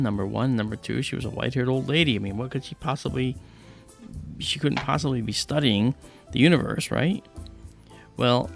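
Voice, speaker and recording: A man's voice: medium pitch, creaky. A man hosting a casual livestream, telling stories in a loose, rambling way with lots of fillers. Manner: rambling storyteller with many fillers. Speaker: livestream host.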